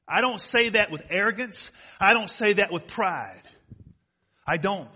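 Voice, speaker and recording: A middle-aged man preaching a sermon as pastor, swinging from hushed moments to loud ones and quizzing the congregation with questions. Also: high-pitched.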